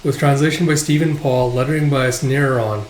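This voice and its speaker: A man's voice: medium pitch, steady tone, moderate pace, echoey room, slight background noise, poor audio. A man hosting a manga review video, chatting casually with lots of fillers. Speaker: manga review channel host.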